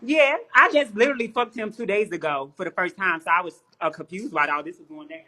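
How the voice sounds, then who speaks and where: A man's voice: high-pitched, fast, sharp tone. A man on a live stream talking casually, brash and profane, often repeating words as he starts sentences.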